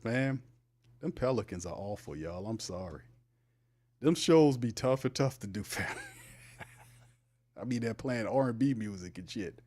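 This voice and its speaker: A man's voice: medium pitch, moderate pace, darkish tone. A man hosting a sports livestream, talking casually and animatedly, teasing his chat and laughing often. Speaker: sports show host.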